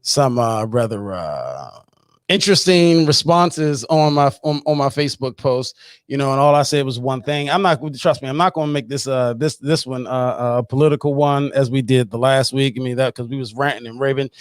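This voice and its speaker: A man hosting a casual morning talk show, loud and animated, joking and ranting with his co-hosts. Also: mid-range voice, moderate pace, dry recording, clean studio sound. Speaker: podcast host.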